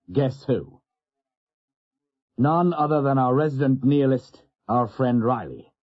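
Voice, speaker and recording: A man's voice: medium pitch, dark tone, slightly rough, lo-fi sound, voice pushed up. A man voicing a middle-aged ship's doctor who speaks bluntly and wryly. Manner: wry, blunt, storytelling.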